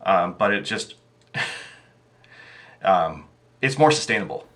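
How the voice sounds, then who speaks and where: Slow-paced and expressive, a low-voiced game master with a slightly bright sound talks as a podcast guest about running tabletop games. The casual interview wanders, with many fillers and restarts.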